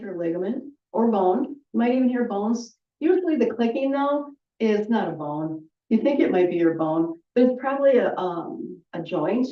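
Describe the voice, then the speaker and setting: Woman, qigong instructor, calm breath cues, roomy room, dull distant sound. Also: mid-range voice. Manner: calm, cueing breaths, chatty asides. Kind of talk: guided movement class.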